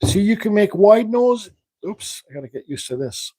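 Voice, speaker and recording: A man's voice: sits high, very animated, normal speed, a little mellow, no room sound. A man hosting a live carving stream, rambling casually as he works and answers viewers. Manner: rambling, thinks aloud while working; reads viewer questions aloud. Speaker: woodcarving livestream host. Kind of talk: casual live demonstration chat.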